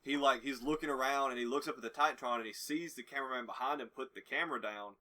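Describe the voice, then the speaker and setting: A young man co-hosting a podcast, chatting casually and chiming in with quick remarks. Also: mid-range voice, pushed and bright. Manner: chimes in with quick interjections. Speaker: podcast co-host. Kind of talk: casual chat about wrestling.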